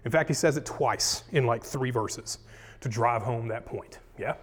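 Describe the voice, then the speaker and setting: A man teaching a Bible study in a relaxed, conversational way, dropping in slang and checking in with "yeah?" and "right?". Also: medium pitch, measured pace, husky, big-room sound.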